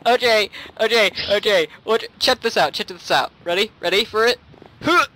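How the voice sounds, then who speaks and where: A man chatting casually while playing a game, excitable and laughing often. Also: high voice, normal speed, a little hiss or hum. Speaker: gamer, co-host. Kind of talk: casual let's play chat.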